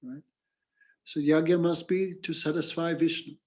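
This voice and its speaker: A man with a somewhat high voice teaches a scripture class. He explains patiently in simple words. His teaching is woven with stories and bursts of chanted mantras. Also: fairly even intonation, normal speed, darkish tone. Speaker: spiritual teacher.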